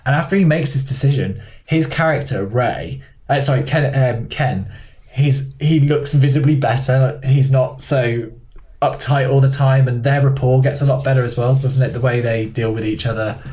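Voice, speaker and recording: A man's voice: mid-range voice, normal speed, darkish tone. A man co-hosting a podcast, talking through a film with enthusiasm in casual chat. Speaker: podcast co-host.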